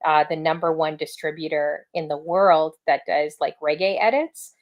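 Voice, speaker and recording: A woman's voice: low voice, steady tone, normal speed, lo-fi sound. A woman hosting a casual interview, chatty and rambling, with frequent fillers and restarts. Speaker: interviewer and show host.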